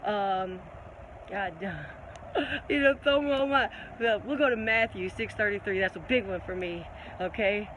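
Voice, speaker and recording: Animated woman, preachy and excitable. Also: medium pitch, a little slow, a little hiss or hum, poor audio. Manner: animated and preachy, calls listeners baby. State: slightly congested. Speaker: livestream host answering viewer questions. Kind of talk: casual live-stream Q&A.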